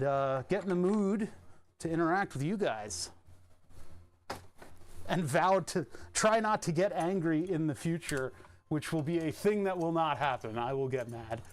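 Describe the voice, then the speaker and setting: A man chatting casually on his stream, rambling and restarting sentences with little chuckles. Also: fairly high pitch. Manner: rambling, self-interrupting, chuckling.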